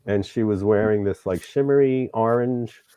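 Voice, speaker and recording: A man's voice: fairly low pitch, moderate pace, dark tone, smooth, dry recording. A middle-aged man, host of the show, candidly recounting a personal story in an interview and acting out the dialogue, sometimes getting emotional.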